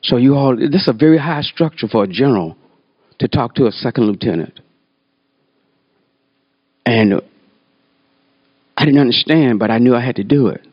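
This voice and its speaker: A man's voice: mid-range voice, normal speed, long pauses, husky, dry recording, muffled recording. A man in his sixties telling personal stories from his life, acting out the people he quotes. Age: 60s. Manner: animated, acts out voices in quotes. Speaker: storyteller. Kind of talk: personal storytelling talk.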